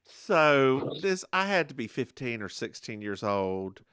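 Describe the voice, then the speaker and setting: A podcast co-host telling stories in casual chat, animated and laughing often. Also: medium pitch, unhurried, clear, resonant tone, no echo, studio quality.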